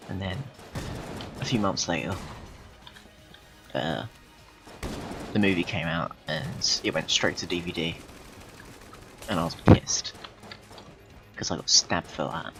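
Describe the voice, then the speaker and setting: A man rambling through an absurd, deadpan story with frequent swearing while commentating on a game. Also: sits low, a little slow, gravelly, long pauses, soft background music. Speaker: gaming video host. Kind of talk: rambling comedic gameplay commentary.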